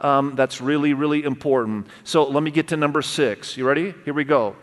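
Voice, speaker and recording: Middle-aged male pastor, sermon, fairly high voice, long hall reverb, animated, addresses the room. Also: a little fast. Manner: animated, talks straight to the congregation with questions. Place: church auditorium.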